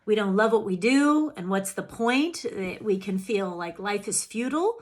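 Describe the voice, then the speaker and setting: Woman, spiritual healing coach, self-help talk, earnest, expressive, speaks to the listener, pitch jumps when acting out feelings.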